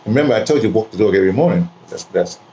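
A man's voice: fairly low pitch, expressive, racing, mellow, muffled recording, a little hiss or hum. A man talking to camera in a casual, rambling monologue, repeating words and saying "you know" often, in a home setting. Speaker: vlogger.

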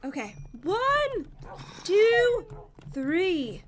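Very high-voiced giggly woman gaming. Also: very animated, extremely slow, slight background noise. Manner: giggly, chatty, laughs often. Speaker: co-host of a gaming show. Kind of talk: casual gaming chat.

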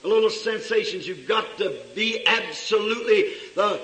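A male preacher delivering a fiery revival sermon in a church, swinging between shouts and low asides. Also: animated, fairly quick, few pauses. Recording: echoey hall recorded from far off.

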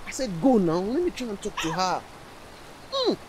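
A man's voice: high-pitched, big pitch swings, normal speed, background noise. A man with a Nigerian accent acting in a film drama, lecturing a friend in a scolding manner. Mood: pleading.

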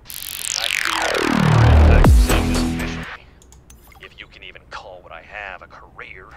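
An actor playing a weary, sarcastic station technician with a gravelly voice. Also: male voice, extremely low pitch, huge pitch swings, unhurried, over loud music, exaggerated voice. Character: grumbling put-upon station technician.

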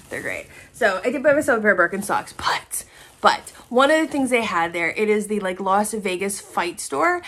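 A woman vlogger chatting casually to camera about her shopping haul, excitable and swearing freely. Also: medium pitch, a little hiss or hum.

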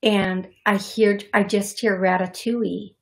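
A woman's voice: medium pitch, flat delivery, measured pace, vocal fry. A woman hosting a call-in radio show as a psychic medium, talking in a rambling, self-deprecating way and laughing often. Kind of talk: casual radio call-in talk. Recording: radio studio broadcast.

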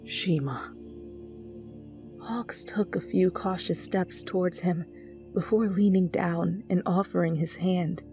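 Slow, soft-voiced woman narrating fanfiction. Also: fairly low pitch, fairly even intonation, music in the background. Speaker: fanfiction reader. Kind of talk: second-person fanfiction narration.

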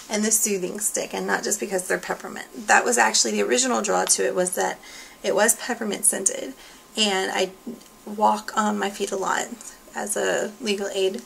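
A woman chatting casually through a product review, relaxed and full of fillers, with her voice going hoarse. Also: medium pitch, a little hiss or hum, poor audio. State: losing her voice. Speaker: beauty product consultant.

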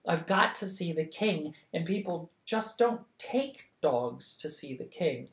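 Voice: mid-range voice, expressive, slow. A storyteller voicing an impatient young girl who scolds and pants, breathless and exasperated. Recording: echoey room.

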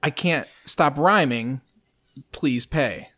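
A man's voice: a little high, slow, a bit bright. A man co-hosting a podcast, chatting casually in a rambling, jokey way. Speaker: podcast co-host. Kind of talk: casual chat.

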